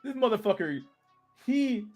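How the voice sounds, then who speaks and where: A man streaming casual reaction commentary, his voice sitting a little high and swinging widely as he laughs and swears through the clips. The sound is dry and close, with soft music playing under him. He talks in crude slang and keeps calling his viewers dog and bro. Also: animated, measured pace, no room sound.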